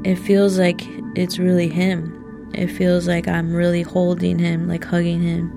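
A woman recounting a personal memory in a casual, halting way, full of "like" fillers. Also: on the low side, monotone, gravelly, over music. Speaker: storyteller. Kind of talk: personal story narration.

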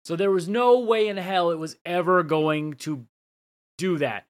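A man's voice: high voice, measured pace. A man co-hosting a podcast, casually recapping scenes and dropping the odd swear. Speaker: podcast co-host.

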